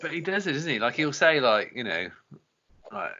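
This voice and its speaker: A man's voice: medium pitch, sing-song, moderate pace, sharp tone. A man hosting a podcast in casual, rambling chat, swearing and laughing as he goes. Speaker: podcast host. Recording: dull lo-fi podcast audio.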